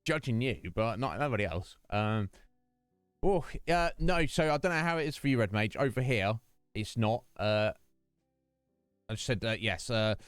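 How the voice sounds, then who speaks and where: Low, smooth-voiced British man rambling. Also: animated, moderate pace, dry recording, studio quality, soft background music. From United Kingdom. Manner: rambling, musing aloud with frequent fillers and restarts. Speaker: streamer chatting with viewers. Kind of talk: casual chat during a game stream.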